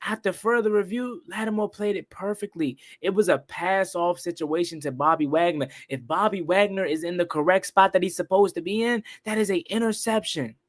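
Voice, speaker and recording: A young man hosting a live-stream football recap, excitable and repetitive, ranting and questioning the calls. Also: high-pitched, fairly quick, few pauses. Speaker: sports talk host.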